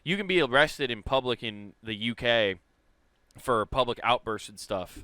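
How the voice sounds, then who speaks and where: A man's voice: medium pitch, animated, moderate pace, sharp tone, smooth, no echo. A man co-hosting a podcast, chatting casually and crudely, laughing often. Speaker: podcast co-host. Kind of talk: casual comedic chat.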